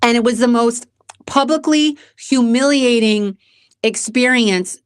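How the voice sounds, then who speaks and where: A woman's voice: on the high side, measured pace, smooth, no room sound, clean studio sound. A middle-aged woman hosting a self-help channel, telling a personal story in a candid, emotional way, often repeating herself and talking straight to her viewers.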